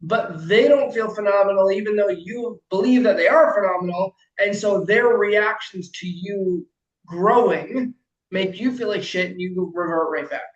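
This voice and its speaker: A man coaching a client in casual conversation, emphatic and animated, swearing freely and acting out quotes loudly. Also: high-pitched, normal speed, roomy sound, dull audio. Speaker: life coach.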